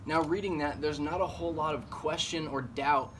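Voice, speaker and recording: A man, a church's junior high director, giving a casual devotional talk, earnest and full of fillers like "man" and "um". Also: normal speed, fairly bright tone, a little hiss or hum.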